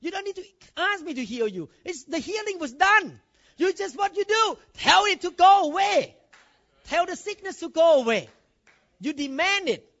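God speaks from heaven, patient yet reproachful, pressing each point with mounting emphasis, put on by a man preaching. The voice sits high. The recording is dull and lo-fi. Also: very animated, moderate pace, exaggerated voice. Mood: chiding. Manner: emphatic, rising to loud declarations.

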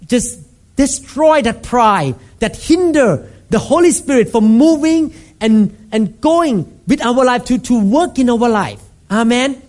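A man preaching a sermon as a pastor, emphatic and repetitive, acting out scenes with sudden shouts. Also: sits high. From Thailand.

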